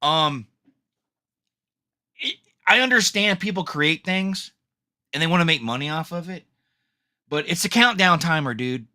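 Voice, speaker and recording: A man's voice: fairly high pitch, expressive, unhurried, pauses often, pushed and bright. A man hosting his own podcast, ranting angrily and swearing heavily in a solo talk. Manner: angry, profane ranting. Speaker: podcast host. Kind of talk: solo rant.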